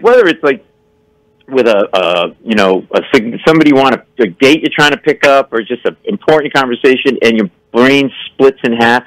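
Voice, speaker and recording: A man's voice: mid-range voice, no room sound, rough recording. A man, a comedian guest on a radio show, telling a story with lots of acted-out voices and mock stammering. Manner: excitable, acts out voices, stammers for effect. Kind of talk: animated storytelling.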